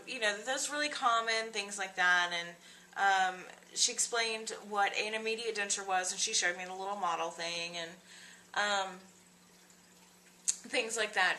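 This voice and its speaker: A woman's voice: medium pitch, sharp tone. A young woman telling a personal story in a video diary, confiding and emotional, with many fillers and restarts. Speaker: vlogger.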